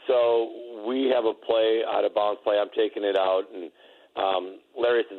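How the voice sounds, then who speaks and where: A man's voice: on the low side, steady tone, normal speed, phone-quality sound. A man telling a story about a former teammate, stumbling and repeating words as he goes. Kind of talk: casual anecdote.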